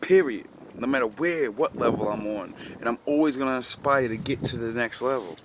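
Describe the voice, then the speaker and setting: A man's voice: mid-range voice, a little fast, very noisy. Rambling, profane man telling a story. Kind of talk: casual chat.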